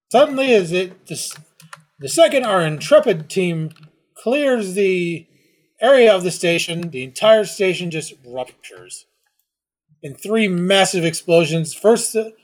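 A man's voice: high voice, lively intonation, unhurried. A man narrating a tabletop role-playing game as game master, setting scenes dramatically.

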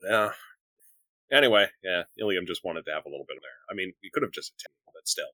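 A man playing a tabletop role-playing game, talking in an animated way and switching between character voices. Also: low voice, fast, dry recording. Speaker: tabletop player.

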